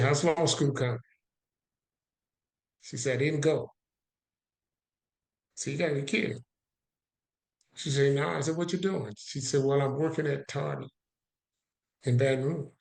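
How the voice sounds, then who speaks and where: A man's voice: mid-range voice, a little slow, vocal fry, pauses often, echoey room. A man telling a personal story as a guest on an interview podcast, acting out both sides of the conversation. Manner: animated storyteller who acts out both sides of a dialogue.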